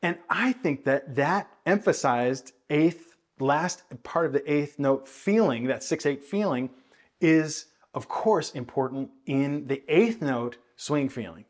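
A man teaching jazz bass in a video lesson, explaining thoughtfully with many hedges and counting and scatting rhythms aloud. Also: expressive, takes it slowly. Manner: thoughtful, hedging explanations with frequent "I think".

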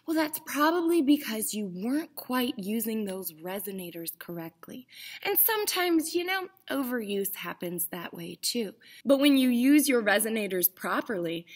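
A young woman acting teacher leading a voice lesson for kids, encouraging and demonstrating breathing and projection exercises. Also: medium pitch.

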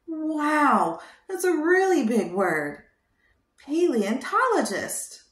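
A woman's voice: a little high, roomy sound. A woman hosting a children's show, teaching toddlers in a sing-song, coaxing way and prompting them to repeat words.

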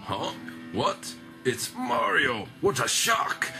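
A man's voice: medium pitch, lively intonation, normal speed, pitched above the performer's own voice, close to an everyday voice. A man voicing a gloating, villainous male king of koopas, delivering hammy taunts that rise above his own voice. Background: game music.

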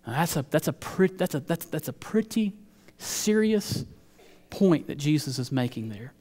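A man's voice: fairly high pitch, very animated, moderate pace, darkish tone. Earnest preaching man in echoing church. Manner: earnest, repeats words while building a point. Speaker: pastor. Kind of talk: sermon. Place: church sanctuary.

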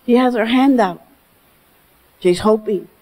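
A woman voicing a gentle, wise Mexican father who speaks tenderly and patiently. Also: fairly high pitch, unhurried, in a large hall, poor audio.

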